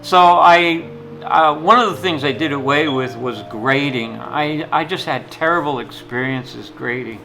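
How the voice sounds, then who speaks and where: A man's voice: fairly high pitch, a little slow, creaky, poor audio. Blunt, rambling older male teacher. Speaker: retired jewelry teacher. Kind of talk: anecdotal storytelling. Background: soft guitar music.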